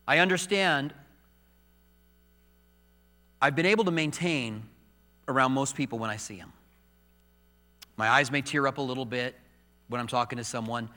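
A man preaching a sermon as pastor, moving between soft, hushed confiding and raised, emphatic preaching in a church sanctuary. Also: mid-range voice, moderate pace, pauses often. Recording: long reverb of a large hall.

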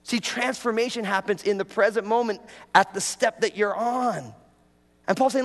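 Pastor guy preaching, kinda high voice, chatty, gets the crowd to talk back, echoey church sound. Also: moderate pace, fairly bright tone. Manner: conversational preaching with audience prompts and jokes. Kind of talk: sermon.

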